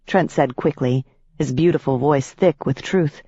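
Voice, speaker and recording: A woman with a low voice reads a first-person audiobook, intense and emphatic. The recording is dry and slightly dull, with no room sound at all. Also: measured pace, dark tone, breathy edge, dry recording. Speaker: audiobook narrator.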